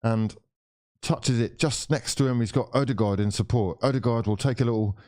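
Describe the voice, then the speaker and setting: A man reacts to a football match as host of a live watchalong, calling the play amid sighs, swearing and mock despair. His medium-pitched voice has a dark tone and a moderate pace throughout the live commentary.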